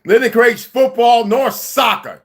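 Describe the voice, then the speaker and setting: This livestream host has a very high voice and keeps a measured pace while ranting at a viewer. He is confrontational, swearing and aggressive throughout his angry outburst.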